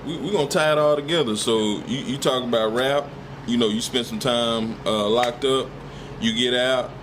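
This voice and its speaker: A man's voice: mid-range voice, steady tone, normal speed, noisy background. A man hosting a casual interview in a laid-back way, prompting his guest to share. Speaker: interview host.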